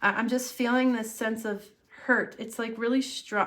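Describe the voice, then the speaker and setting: A woman's voice: a little high, normal speed, hardly any pauses. A woman giving a casual tarot reading to camera, earnest and encouraging as she speaks straight to the viewer. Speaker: tarot reader.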